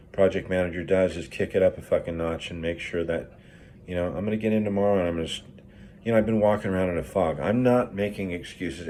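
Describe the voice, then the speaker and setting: Deep-voiced grieving man, rambling and profane. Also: a little mellow, slight background noise. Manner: rambling, profane, many fillers and restarts. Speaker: project manager in recovery. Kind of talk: candid personal vlog.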